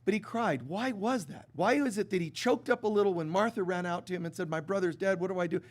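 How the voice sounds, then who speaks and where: A man's voice: high voice, fast. A man giving a sermon to a live congregation, talking casually and animatedly, acting out little quoted exchanges. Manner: conversational and animated, with many restarts and acted-out quotes. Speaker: spiritual teacher. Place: stage before a live congregation.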